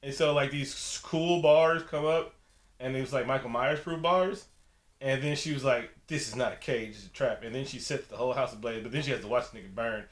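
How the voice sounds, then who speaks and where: A man on a casual podcast, recapping a horror movie in an animated way and acting out the characters' lines. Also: mid-range voice, brisk, roomy sound. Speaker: podcast co-host. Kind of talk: casual movie review chat.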